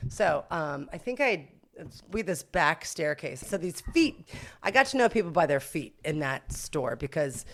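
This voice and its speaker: A middle-aged woman, a podcast guest, telling an anecdote in an animated, self-mocking way, laughing often and acting out the voices of people in her story. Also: low-pitched, moderate pace. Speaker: podcast guest, boutique owner.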